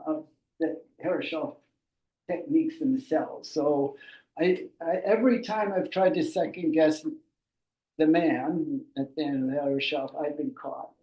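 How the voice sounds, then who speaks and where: Narrating a slide presentation on boat building, an older man rambles slowly and conversationally, with plenty of fillers and restarts. His mellow voice sits slightly high, and he seems distant from the mic in an echoey room.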